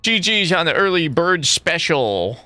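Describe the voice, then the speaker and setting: A man's voice: on the high side, very animated, measured pace, pushed and bright, no echo. A young man streaming a game, chatting casually with viewers in a rambling, profane way that keeps breaking into laughter. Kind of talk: casual livestream chat.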